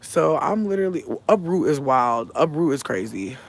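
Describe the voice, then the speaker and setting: A man's voice: fairly high pitch, lively intonation, moderate pace, a little hiss or hum. A man in a casual livestream, animatedly telling a family story with profanity and laughs while thanking viewers. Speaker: live streamer.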